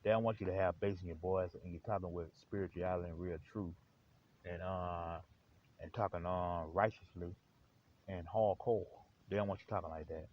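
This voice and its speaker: A man's voice: deep voice, fairly even intonation, normal speed. A man hosting a live stream, rambling in slang with lots of fillers. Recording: dull lo-fi with faint hiss.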